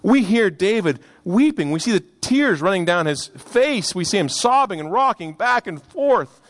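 A man preaching a sermon on a scripture passage, earnest and expressive, rising for emphasis and dropping to hushed, slow phrases. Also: high-pitched.

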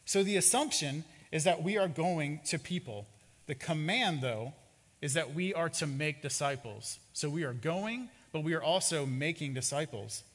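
A man who is a pastor, preaching a sermon with expressive, dramatic storytelling in a church sanctuary. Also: a little high, normal speed. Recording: reverberant hall.

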